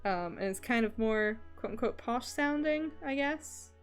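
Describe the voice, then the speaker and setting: A woman's voice: on the high side, expressive, measured pace, faint music behind. Scottish woman rambling on stream. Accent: Scottish, Edinburgh area. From Scotland. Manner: rambling, filler-heavy, swears casually. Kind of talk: casual livestream chat while drawing.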